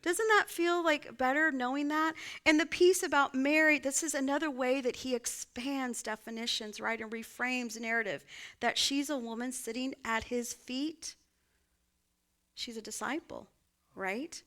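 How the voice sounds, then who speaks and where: In a church sanctuary, a woman pastor preaches a sermon and shares a personal story, speaking at normal speed in a high voice. Her tone is warm and conversational, and she often asks the congregation "right?"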